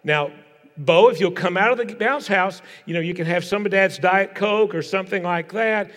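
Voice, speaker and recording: A man's voice: sits high, moderate pace, fairly bright tone, pitched above the performer's own voice. An older man quoting a young father who coaxes and then warns his small son, in a firm parental tone. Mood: coaxing. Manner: firm, coaxing parental warnings. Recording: long reverb of a large hall.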